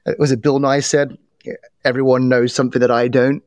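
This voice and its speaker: A middle-aged man, a guest on a podcast, explaining how people's biases work in an animated way, telling stories and often restarting his sentences. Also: medium pitch, brisk, dry recording. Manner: animated storyteller with repeated restarts. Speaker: podcast guest, bias trainer. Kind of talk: casual interview talk.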